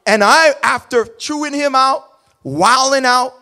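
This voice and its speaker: A middle-aged man preaching, telling a story in a dramatic, animated way that swings between quiet asides and loud bursts. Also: very high-pitched, measured pace. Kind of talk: sermon storytelling.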